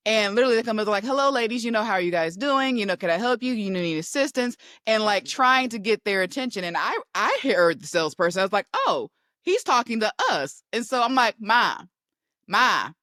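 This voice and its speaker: Lively animated woman host. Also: fairly high pitch, quick pace, no room sound, clean studio sound. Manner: animated, playful teasing, acts out scenes in voices. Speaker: podcast host. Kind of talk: casual chat.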